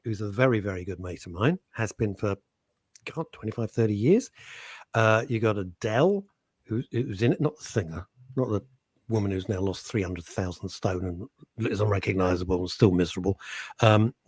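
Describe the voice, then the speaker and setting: A British man hosting a radio show, chatting and teasing his co-host in a playful, animated way. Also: fairly low pitch, a little fast, husky, no echo. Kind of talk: casual radio chat. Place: radio studio. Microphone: studio microphone.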